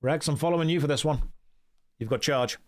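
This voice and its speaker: A man's voice: a little high, a little fast. A British man chatting casually on a game stream, joking, mocking himself and reading out chat. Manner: joking, self-mocking, reads chat aloud.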